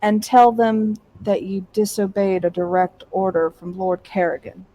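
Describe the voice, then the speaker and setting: A woman's voice: medium pitch, little pitch movement, unhurried, dark tone, lightly acted, poor audio. A woman voicing a horned adventurer who questions a guard in a pointed, challenging way.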